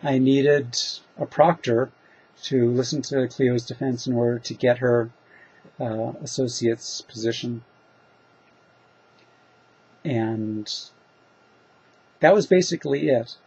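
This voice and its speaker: In a slow, frequently pausing delivery, a fiction author rambles through reader questions, thinking out loud with fillers and gently mocking himself. His voice is mid-range, a touch mellow, with a breathy edge. The recording is lo-fi and dull.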